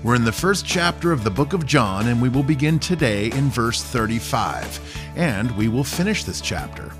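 Man announcing over guitar music. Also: mid-range voice. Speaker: radio announcer. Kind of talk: scripted broadcast introduction. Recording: guitar music playing behind.

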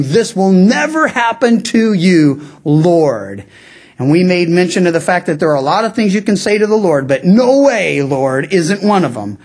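A man preaching an expository Bible teaching sermon as pastor, in a conversational way with frequent asides, acting out quoted lines. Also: high-pitched.

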